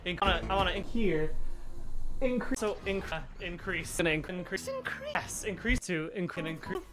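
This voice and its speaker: An animated man speaks in a rapid string of chopped-up single-word clips. His delivery lurches between loud bursts and quiet mutters, set over clear background music. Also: sits high. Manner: animated, jumpy delivery shifting loud and soft. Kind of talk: rapid supercut of clipped single words.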